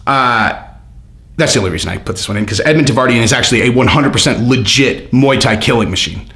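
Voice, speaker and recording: A man's voice: mid-range voice, fast talker. A man hosting his own channel, reading out comments and mocking them in casual, rambling talk full of fillers. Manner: animated, sarcastic, rambling with many fillers. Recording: roomy echo.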